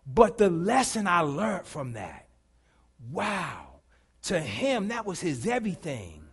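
A middle-aged man preaching a sermon, telling a story dramatically and swinging from hushed to shouting. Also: high-pitched, wildly swooping pitch, takes it slowly, slightly rough.

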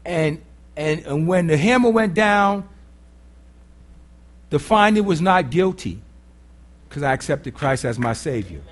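High-pitched guy preaching, chatty and blunt, keeps asking the crowd questions. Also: animated, a little slow, long pauses. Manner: conversational preaching with rhetorical questions; blunt, earthy phrasing. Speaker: pastor. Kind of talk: sermon.

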